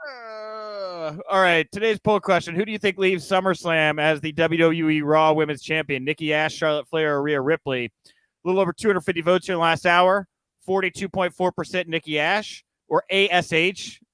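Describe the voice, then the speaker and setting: A man hosts a casual podcast, chatty and quick with asides. His voice is smooth and fairly high for a man. It sounds close and dry, with no room around it. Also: fairly even intonation, a bit bright, dry recording. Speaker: podcast host. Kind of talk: casual chat.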